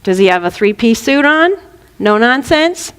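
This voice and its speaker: A woman's voice: on the high side, animated, unhurried, fairly bright tone, clean tone, in a large hall. A woman minister giving a spiritual teaching talk, playful, laughing often and acting out little voices.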